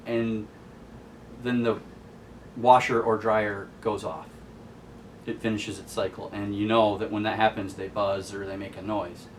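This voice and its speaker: A man's voice: lowish voice, level tone, normal speed, pauses often, distant mic, a little hiss or hum. A man hosting a casual comic book recap in an amused, chatty storytelling manner. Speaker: host.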